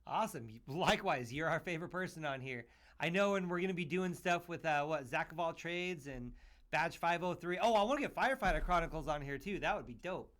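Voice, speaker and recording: A man's voice: a little high, lively intonation, brisk, a bit bright. A man from Utah hosting a podcast, chatting casually in an upbeat, joking way, full of "man" and "dude". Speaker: podcast host.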